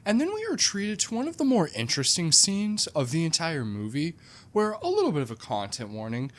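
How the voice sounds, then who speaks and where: A comedic movie reviewer tells a film's plot with sarcastic, animated storytelling and lots of "like" fillers. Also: medium pitch, brisk. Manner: frequent "like" fillers.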